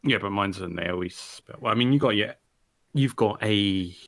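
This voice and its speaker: A man with a gravelly, fairly low voice talks through a plan with his gaming group. He thinks aloud, trails off and picks up again. His voice sounds close and dry. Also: normal speed, a bit bright, dry recording. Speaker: tabletop game player. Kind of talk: casual planning talk at the game table. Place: home, online voice chat.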